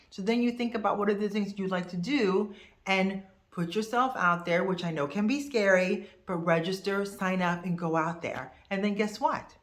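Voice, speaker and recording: A woman in her fifties teaching to camera in a casual, expressive, conversational way. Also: medium pitch, normal speed, echoey room. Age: 50s. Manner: expressive, conversational, animated asides. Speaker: host.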